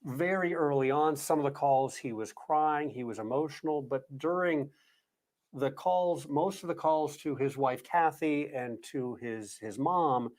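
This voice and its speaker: A man recounting courtroom testimony in a measured news-report manner, slowing down with pauses and fillers. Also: fairly high pitch, a little mellow. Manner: slow, deliberate delivery with pauses and fillers. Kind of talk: measured news narration, reading quoted calls.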